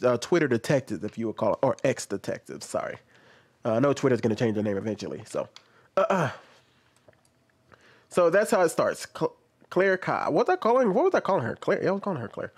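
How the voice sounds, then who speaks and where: A man giving casual commentary on social media posts, rambling and correcting himself as he goes. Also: mid-range voice. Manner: rambling, self-correcting, reads posts aloud.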